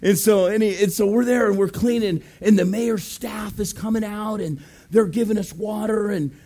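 A man's voice: high-pitched, moderate pace, warm tone. A man preaching as a pastor, telling a story animatedly, acting out voices, laughing and calling out "amen". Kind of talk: sermon storytelling.

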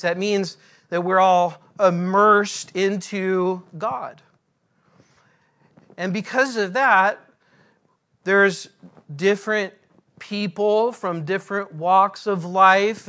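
A man preaching a sermon in a church as pastor, earnest and deliberate, drawing out his phrases. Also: high-pitched, sharp tone.

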